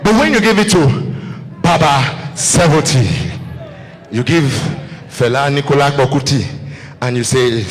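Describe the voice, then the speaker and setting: A man's voice: mid-range voice, measured pace, big-room sound. A man with a Nigerian Pidgin English accent doing a stand-up comedy routine on a live stage, telling stories and slipping into characters. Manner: storytelling, switching into acted characters.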